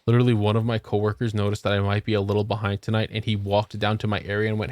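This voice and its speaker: A man's voice: fairly low pitch, flat delivery, very fast, hardly any pauses, a little mellow, dry recording. A young man streaming a game, chatting casually and joking with swearing, tired after a long work shift. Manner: laid-back, swearing, joking. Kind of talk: casual chat while gaming.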